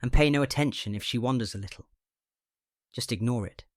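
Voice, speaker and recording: A man voicing a brisk, kindly nurse. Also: medium pitch, dry recording, studio quality, natural voice. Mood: reassuring.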